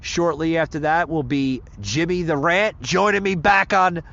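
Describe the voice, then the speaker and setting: Pitched fairly high and fairly bright, this man's measured voice closes out his podcast with a slightly breathless, rambling sign-off packed with plugs. He repeats himself and leans on fillers, captured in a slightly muffled lo-fi recording.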